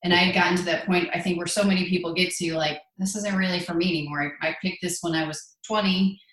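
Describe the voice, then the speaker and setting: Woman, 40s, lower voice, earnest, self-deprecating, interview guest, echoey. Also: steady tone, fast talker, a bit bright. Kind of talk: conversational interview.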